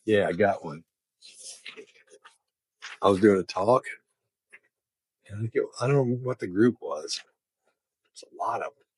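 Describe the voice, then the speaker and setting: Brief: man, relaxed chatty storyteller, husky low voice, dry recording. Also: a little slow, long pauses, no room sound. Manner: chatty, laughs while telling stories. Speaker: body language expert. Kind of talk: casual storytelling.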